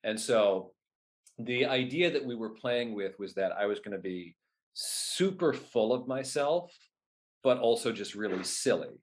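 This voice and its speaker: A man, a guest telling stories in an animated way and acting out his own past remarks. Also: mid-range voice, measured pace. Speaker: guest, whip performer at renaissance fairs. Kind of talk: casual interview storytelling.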